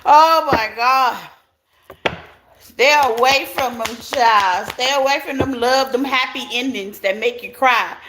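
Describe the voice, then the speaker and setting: Chatty woman reading tarot, higher voice. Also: measured pace. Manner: chatty, laughs often, talks straight to viewers. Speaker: tarot reader. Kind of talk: casual tarot reading to viewers. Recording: clear background noise.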